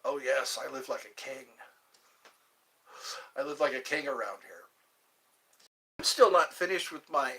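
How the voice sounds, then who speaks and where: An older man hosting a livestream, rambling casually and joking to himself in a slow, meandering way. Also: mid-range voice, expressive, a bit bright, poor audio. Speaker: livestream host.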